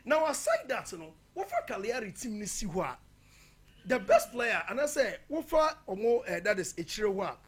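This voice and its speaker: A man's voice: high voice, huge pitch swings, moderate pace, husky. A man previewing football matches in a casual, emphatic way, slipping local-language phrases into his talk. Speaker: football pundit.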